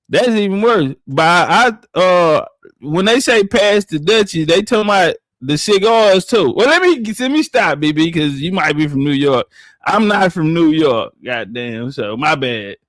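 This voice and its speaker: A man co-hosting a livestream, joking and ranting profanely and shouting out viewers. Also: high-pitched, no echo. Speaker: livestream co-host. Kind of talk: casual livestream chat.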